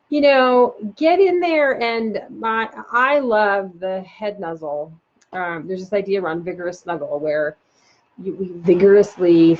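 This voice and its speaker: A woman parenting coach giving a live online talk, animated and chatty with many fillers. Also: medium pitch. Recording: dull lo-fi sound.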